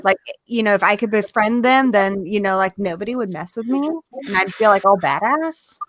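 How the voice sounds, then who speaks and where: A woman's voice: medium pitch, normal speed, no echo. A woman with an American accent, co-hosting a casual chat and telling stories with lots of swearing. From England. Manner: animated storyteller, swears freely. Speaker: podcast co-host.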